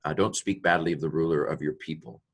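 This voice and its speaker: A man's voice: extremely low pitch, fairly even intonation, fast talker, breathy edge. A man teaching Greek in an informal walkthrough, thinking aloud as he parses each word with frequent ums and asides, delighted by small grammar finds.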